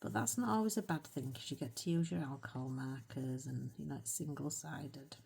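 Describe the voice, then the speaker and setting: A woman's voice: a bass voice, a little fast, creaky, darkish tone, slightly rough. A middle-aged British woman chatting casually as she colours, rambling and self-mocking, with little laughs between thoughts. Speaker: colouring channel host. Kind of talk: casual chat while colouring.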